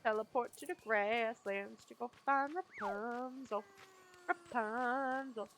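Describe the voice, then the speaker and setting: A woman's voice: fairly high pitch, unhurried, music in the background, rough recording. A woman streaming a game, chatting casually with her viewers while she plays. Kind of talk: casual gameplay commentary.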